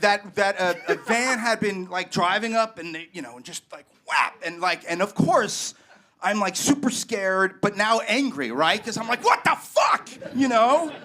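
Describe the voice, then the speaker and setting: A man telling a comic personal story on a live comedy stage, animated and rambling, with lots of fillers. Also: sits high, moderate pace. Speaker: guest storyteller.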